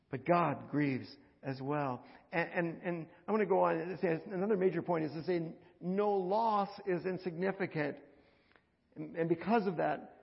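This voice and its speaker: A man preaching a conversational sermon, repeating words and swinging from loud, urgent passages to hushed ones. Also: fairly high pitch, vocal fry, in a large hall, muffled recording. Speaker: pastor.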